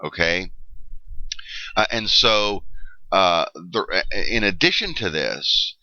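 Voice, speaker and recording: Man, middle-aged, history lecture, bright tone, dry dull lo-fi recording. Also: sits low, lively intonation, takes it slowly, dry recording. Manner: explanatory, frequent "okay?" checks, many fillers. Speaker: history teacher. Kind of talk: classroom lecture.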